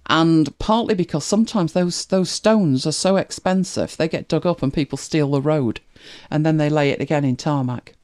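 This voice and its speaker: A streamer from northern England with a softened northern English accent, chatting casually to viewers while reacting to videos, musing aloud and laughing often. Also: mid-range voice, moderate pace, hardly any pauses.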